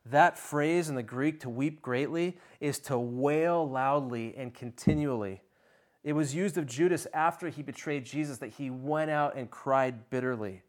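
A man preaching a sermon, swinging between soft, low passages and loud, ringing ones, with slow, dramatic pauses. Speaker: pastor.

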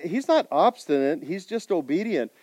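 A man preaching a sermon, putting rhetorical questions to his congregation and swinging between loud emphasis and quiet intensity. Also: fairly high pitch, very animated, moderate pace, dry recording. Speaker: pastor.

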